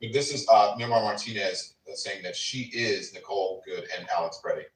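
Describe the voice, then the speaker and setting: A man moderates a political discussion, sounding exasperated, in a fairly low voice. He is set back from the microphone, and the sound echoes around a roomy space. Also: brisk. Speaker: host. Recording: roomy echo from a distant mic.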